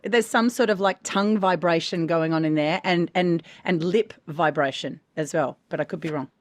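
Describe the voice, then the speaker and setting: A woman with a slightly low voice talks things through on a podcast, reflective and chatty, doubling back on her words. The sound is dry and close-miked. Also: moderate pace, no echo. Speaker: podcast co-host. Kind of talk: casual chat.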